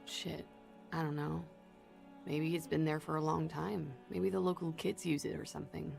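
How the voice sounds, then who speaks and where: Guarded young woman, low-pitched, heavy vocal fry, clipped questions, game dialogue. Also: flat delivery, moderate pace, darkish tone, faint music behind. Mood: shaken. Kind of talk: voiced video game dialogue.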